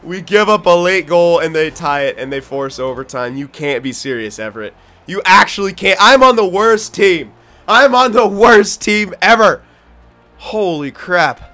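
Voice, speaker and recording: A young man giving live commentary on his own video game, excitable and frustrated, swearing and shouting at his teammates. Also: high-pitched, moderate pace, soft background music. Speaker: gaming video host.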